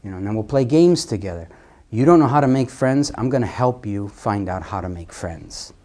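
A man preaching a sermon, animated, swinging between loud emphasis and hushed asides, often repeating words. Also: lowish voice, fairly quick.

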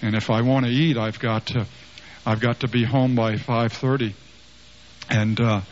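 A man voicing his sullen, broke nineteen-year-old son, grumbling and complaining in a lower voice. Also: little pitch movement, moderate pace, lightly acted. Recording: slightly muffled with faint hiss.

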